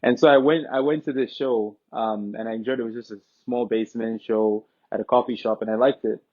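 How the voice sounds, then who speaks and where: A young man from Nigeria, telling stories as an interview guest in a relaxed, joking way. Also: medium pitch, fairly quick. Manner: relaxed, joking, breaks into quoted dialogue. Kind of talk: casual interview storytelling. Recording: tinny phone-like line.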